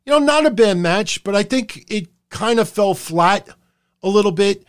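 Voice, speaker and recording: A man's voice: high voice, animated, moderate pace, smooth. A middle-aged man hosting a live stream, talking in a loose, rambling and profane way from a room at home. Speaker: podcast host. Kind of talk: casual live-stream commentary. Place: home room under hot lights.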